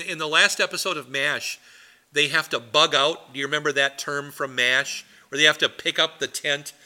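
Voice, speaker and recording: A middle-aged man, a pastor, leading a Bible study in an animated, rambling storytelling way. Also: on the high side.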